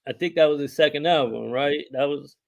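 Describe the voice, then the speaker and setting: Laid-back middle-aged rapper, rambling. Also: male voice, a little high, a little fast, creaky, a little mellow. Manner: laid-back, rambling, heavy on filler words and slang. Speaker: rapper guest. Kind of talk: casual podcast interview.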